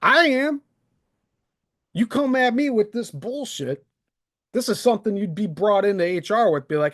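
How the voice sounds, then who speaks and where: A man in his thirties rants alone to his camera, heated and sarcastic, cursing as he goes. His voice sits fairly high and leaps all over the place as he works himself up. He speaks into a desk microphone. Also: normal speed, pauses often. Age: 30s. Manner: heated, sarcastic, profane, very animated. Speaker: channel host. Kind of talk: angry solo rant to camera.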